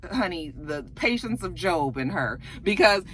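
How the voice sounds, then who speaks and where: A woman's voice: fairly low pitch, animated, a little slow, a little hiss or hum. A woman giving a casual recap of a TV episode. She talks bluntly and profanely, with a sassy edge, and keeps checking in with "okay?". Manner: colloquial speech, often asks "okay?". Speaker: TV episode reviewer.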